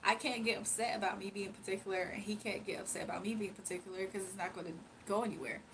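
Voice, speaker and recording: A woman's voice: mid-range voice, fairly even intonation, fast talker, background noise. A tired young woman casually telling a rambling personal story on her livestream. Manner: rambling, slangy, confiding. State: sleepy and tired. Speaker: livestream host.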